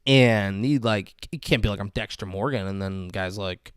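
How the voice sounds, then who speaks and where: A man co-hosting a podcast, casually recapping a TV episode with animated, profane retellings and frequent laughs. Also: on the low side, moderate pace, few pauses, clear, resonant tone, no echo, studio quality. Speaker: podcast co-host.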